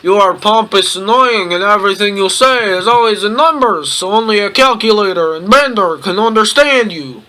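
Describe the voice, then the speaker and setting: Man reading a mournful male alien doctor, high, earnest, pleading, bright tone. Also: moderate pace, few pauses, low-quality recording. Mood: ranting.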